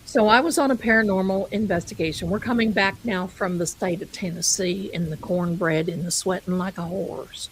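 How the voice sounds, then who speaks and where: A woman's voice: lowish voice, moderate pace, few pauses, a little hiss or hum, rough recording. A woman hosting a live stream, telling ghost stories in a chatty way and calling her viewers "my darling.". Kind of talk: casual live-stream storytelling.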